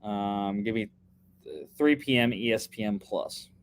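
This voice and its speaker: A man's voice: lowish voice, unhurried, a little hiss or hum. A young man co-hosting a casual sports podcast, chatting through his football picks with lots of fillers and restarts.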